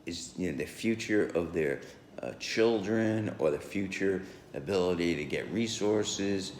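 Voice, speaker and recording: A man's voice: deep voice, reverberant, slight background noise. A man rambling through a solo podcast monologue, full of fillers and restarts, with chuckles along the way.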